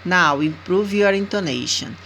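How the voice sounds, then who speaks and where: A Brazilian woman whose first language is Portuguese, teaching an English lesson in a slow, deliberate way and often checking in with 'okay?'. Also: on the low side, expressive, fairly bright tone, a little hiss or hum, poor audio.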